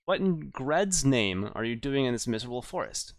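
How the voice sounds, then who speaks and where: A man's voice: mid-range voice, very animated, moderate pace, no room sound. A man voicing an impatient, wary female elf seer who speaks in a clipped, haughty way.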